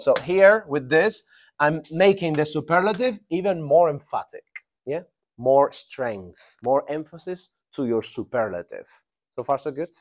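A man's voice: fairly high pitch, very animated, measured pace, a little mellow. A man teaching an English grammar class, repeating phrases, laughing and checking that students follow. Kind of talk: live classroom grammar lesson.

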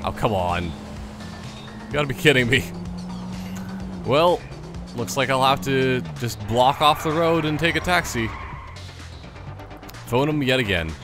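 A man's voice: medium pitch, animated, a little slow, pauses often, music in the background. A man giving casual let's-play commentary, rambling and joking through tangents. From Canada. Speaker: gameplay commentator.

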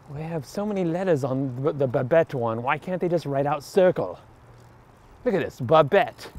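Here the man's mid-range voice has a slightly mellow quality. He's a vlogger cycling around quiet town streets, rambling aloud, trading lines between two voices of his own and wandering in and out of a half-British accent, with faint street and traffic noise around him.

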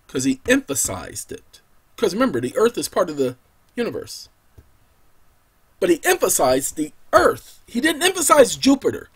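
Husky, fervent man lecturing like a preacher. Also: sits high, fairly bright tone. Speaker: channel host giving legal advice.

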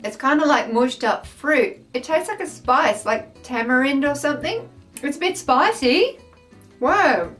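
A woman with an Australian accent chats through a casual taste-test vlog, her voice sitting a little higher than most. She talks in an exclamatory, self-mocking way, with faint music playing softly underneath. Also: expressive, a little slow. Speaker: food taste-test vlogger.

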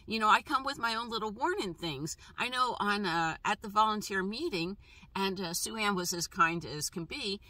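A woman vlogger telling personal stories in a casual, halting way, with frequent pauses, restarts and fillers. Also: mid-range voice, bright, forceful tone, no echo. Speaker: travel vlogger.

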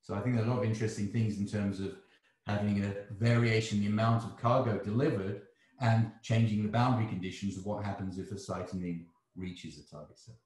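A man's voice: fairly low pitch, steady tone, a little mellow. English man thinking aloud, echoey. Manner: thinking aloud, halting restarts. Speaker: seminar speaker. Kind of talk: academic Q&A answer. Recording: echoey room.

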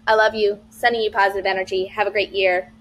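A woman's voice: medium pitch, flat delivery, quick pace, slight background noise. A woman Spanish teacher talking other teachers through an online lesson, bubbly and playful, mixing in Spanish phrases. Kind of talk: teacher vlog walkthrough.

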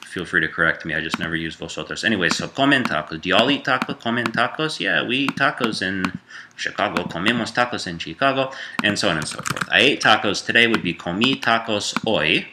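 Deep-voiced man teaching casually. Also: lively intonation, brisk, noisy background. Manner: conversational and loose, with frequent fillers and self-corrections. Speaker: Spanish teacher. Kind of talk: casual grammar lesson.

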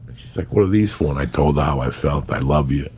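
A man's voice: a bass voice, expressive, fast, darkish tone, slight background noise. A middle-aged man rambling through profane, raunchy comic stories as a guest storyteller.

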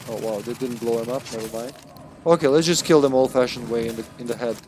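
A man's voice: medium pitch, fast, a little mellow, slight background noise. A man with a Russian accent streaming a co-op video game, chatting casually and cracking jokes with his teammate. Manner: joking, playful banter. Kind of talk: casual co-op gaming chat.

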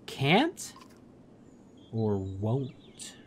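A man voicing a wry, skeptical male archer hero in a game, pitching his voice up and asking incredulous questions. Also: lively intonation, measured pace, natural voice.

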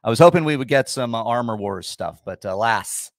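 A man's voice: mid-range voice, lively intonation, quick pace, vocal fry, no echo, studio quality. A man hosting a casual livestream, chatting with viewers in a sarcastic, grumpy way. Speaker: livestream host.

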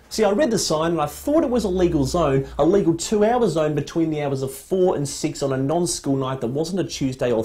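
Fast-talking, animated Australian man ranting. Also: fairly high pitch. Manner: sarcastic, exasperated ranting. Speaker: comedy presenter. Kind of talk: satirical comedy rant.

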